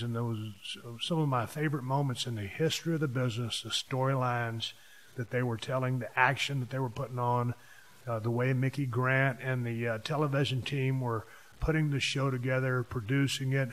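A man, hosting a podcast and telling stories from his past in a casual monologue, hitting key words with sudden louder bursts. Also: mid-range voice. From Texas. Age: 50s. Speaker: podcast host.

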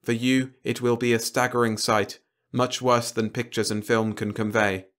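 A man's voice: mid-range voice, voice pushed up, natural voice. A man voicing an emotionless robot leader. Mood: cold, formal. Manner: flat, measured, polite.

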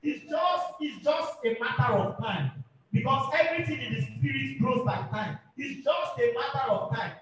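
A male pastor preaches fervently in a very high voice, repeating himself and calling for amens. He sounds far from the microphone in a big, booming, echoey hall. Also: moderate pace, fairly bright tone. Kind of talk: sermon.

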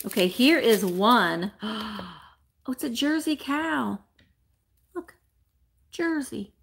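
A woman's voice: a little high, expressive, slow, gravelly, slight background noise. A woman hosting a live vintage sale, chatting casually and gushing over each item she unwraps. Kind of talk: casual live-stream chat.

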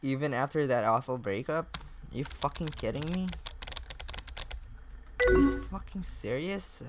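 A man's voice: mid-range voice, expressive, measured pace, noisy background. A young man casually commenting while playing a chat game, reading messages aloud, swearing and laughing often. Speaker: gaming YouTuber. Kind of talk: casual let's-play commentary.

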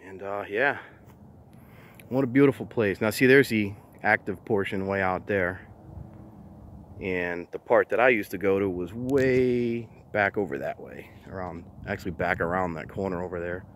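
A man's voice: low-pitched, moderate pace, a bit bright, a little hiss or hum. A man hosting a casual walk-and-talk vlog outdoors on top of a quarry, chatty and enthusiastic, rambling as he goes. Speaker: vlogger exploring abandoned sites.

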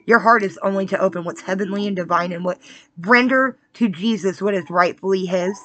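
A woman's voice: mid-range voice, a little fast, fairly bright tone, no room sound. A woman giving a spiritual card-reading message in a casual preaching way, earnest and confiding, who keeps checking in with her listeners. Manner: earnest, keeps checking in with "all right?" and "okay?"; confiding and testimonial.

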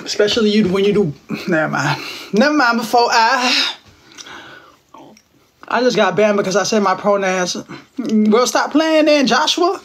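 High-voiced young man bantering on a livestream. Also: moderate pace, long pauses, fairly bright tone. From Texas. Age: 20s. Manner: playful, teasing banter with viewers, slangy. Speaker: livestream host. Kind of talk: casual livestream chat reading viewer comments. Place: at home. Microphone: phone.

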